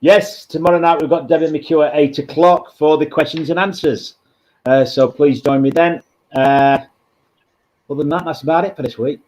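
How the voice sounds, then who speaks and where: A man's voice: fairly high pitch, fairly even intonation, moderate pace, a little mellow. A man who is a reverend, co-hosting a church live stream in a cheeky, joking way. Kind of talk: casual live-stream chat.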